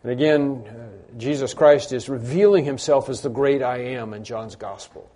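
A man's voice: medium pitch, moderate pace, hardly any pauses, mellow. A man preaching a sermon, who acts out the cries and pleas of the people he quotes with rising intensity. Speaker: pastor.

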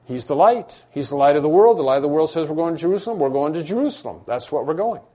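A man's voice: a little high, expressive, quick pace, warm tone. A man preaching a sermon to a congregation, emphatic and repetitive, acting out imagined dialogue. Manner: emphatic, repeats key phrases, acts out imagined dialogue. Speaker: pastor. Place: church room with congregation.

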